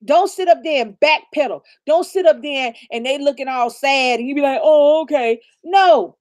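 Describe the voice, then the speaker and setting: A woman's voice: high-pitched, moderate pace, no room sound, studio quality. A woman giving blunt, profane relationship advice in a casual live chat, laughing often. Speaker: livestream co-host.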